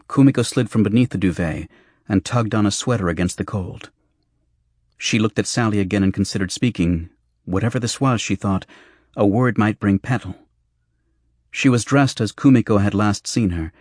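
A man narrating an audiobook in a measured, even manner. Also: low-pitched, no room sound, clean studio sound. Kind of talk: scripted narration.

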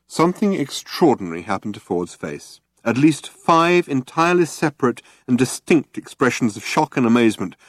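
A man narrating an audiobook with a measured, deadpan delivery. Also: medium pitch, no echo, studio quality.

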